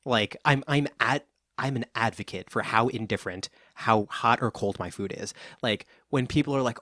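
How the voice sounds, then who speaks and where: A man's voice: on the low side, normal speed, fairly bright tone, dry recording. Laid-back young man, dry mic. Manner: laid-back, swears often, frequent restarts. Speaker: podcast co-host. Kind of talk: casual chat.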